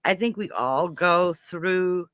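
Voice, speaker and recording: A woman's voice: fairly low pitch, slow pace, a bit bright, smooth, no room sound, clean studio sound. A woman, a guest on a caregiver stream and the parent of a disabled child, giving casual advice in an earnest, encouraging way and repeating herself for emphasis.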